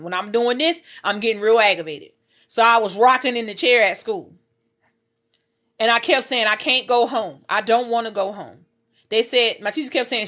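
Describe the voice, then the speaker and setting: Woman, 30s, raw personal storytelling on a phone live stream, fairly high voice. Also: fairly bright tone. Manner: intense, repetitive, swears, speaks straight to viewers. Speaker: vlogger telling her life story. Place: in her bed at home.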